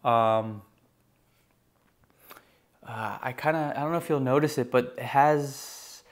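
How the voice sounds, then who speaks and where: A young man talks casually about fishing gear, relaxed and rambling, full of "um" and "you know." His voice sits at an ordinary middle pitch, and he perks up when something excites him. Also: takes it slowly. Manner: relaxed, rambling, many fillers. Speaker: gear reviewer. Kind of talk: casual product review.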